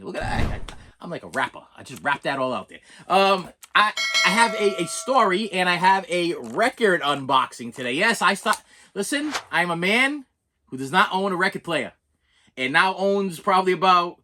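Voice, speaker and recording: A man's voice: sits high, lively intonation, moderate pace, bright, forceful tone. A man with a Boston accent chatting casually through an unboxing, rambling and self-deprecating, with frequent restarts. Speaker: collector vlogger.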